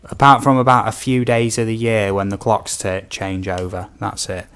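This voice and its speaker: British man, fairly low voice, casual rambling stream chat, reads viewer comments, filler-heavy. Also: flat delivery, moderate pace, fairly bright tone, smooth. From United Kingdom. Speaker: gaming streamer.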